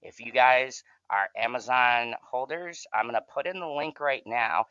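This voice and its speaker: A man hosting a live stream, talking in a loose, rambling and profane way. His pitch sits in a middle register. The sound is dry and a little dull and lo-fi. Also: normal speed, sharp tone, smooth, no room sound. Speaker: stream host. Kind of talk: casual live-stream chat.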